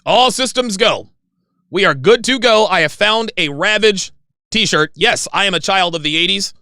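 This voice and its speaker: A man in his forties hosting a livestream in casual chat, rambling and excitable. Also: sits high, moderate pace, dry recording. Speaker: livestream host.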